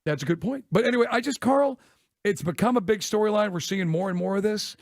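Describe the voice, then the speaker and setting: A man co-hosting a sports talk radio show, telling quick jokey stories and laughing at his own punchlines, on a studio microphone. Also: high-pitched, no room sound. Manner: rapid, joking storyteller who laughs at his own punchlines.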